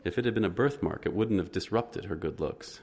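A man narrating an audiobook in the first person, measured and understated. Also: low voice, darkish tone, breathy edge.

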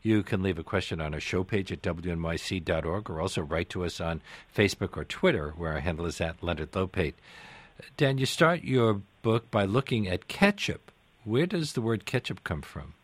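Deep-voiced male radio host. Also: expressive. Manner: measured, reads out call-in details. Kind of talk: radio interview. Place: radio studio. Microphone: studio microphone.

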